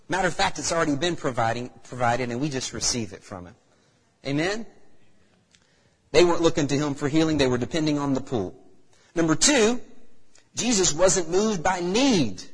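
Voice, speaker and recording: A male preacher delivers a sermon in a church hall, asking the congregation question after question. His pitch sits a little high and swings widely. The voice is husky, and it rings out with long reverb across the hall. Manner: animated, rhetorical questions to the congregation.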